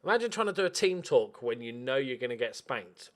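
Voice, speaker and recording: A man hosting a football management game playthrough, commentating in an excitable, sarcastic, self-mocking way. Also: mid-range voice, brisk, few pauses. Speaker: let's play host. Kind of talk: gaming commentary.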